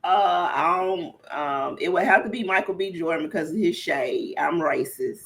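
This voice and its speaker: A woman comedian in casual podcast chat, blunt and profane, bursting into loud laughing exclamations. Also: fairly low pitch, normal speed. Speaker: comedian guest.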